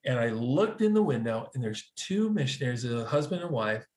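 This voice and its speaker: A man telling a personal story in a casual, animated way, acting out quoted dialogue, with frequent restarts. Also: medium pitch, normal speed. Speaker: guest telling a conversion story.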